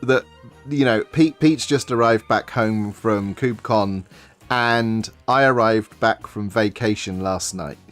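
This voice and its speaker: A man's voice: fairly low pitch, fairly bright tone, faint music behind. A man co-hosting a livestream, talking in a casual, easygoing way. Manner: unhurried, easygoing, chuckling. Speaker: co-host of a developer livestream.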